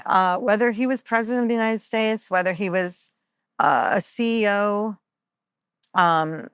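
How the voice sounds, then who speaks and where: A woman guest telling a personal story in an earnest, confessional way, with many fillers and pauses. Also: mid-range voice, clear, resonant tone, dry recording, clean studio sound. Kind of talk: candid interview storytelling.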